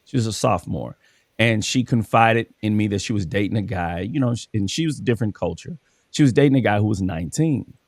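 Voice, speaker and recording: A man's voice: lowish voice, fast, no room sound, clean studio sound. A man hosting a casual conversation, telling stories from his work as a coach and acting out the dialogue. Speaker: podcast host and school coach.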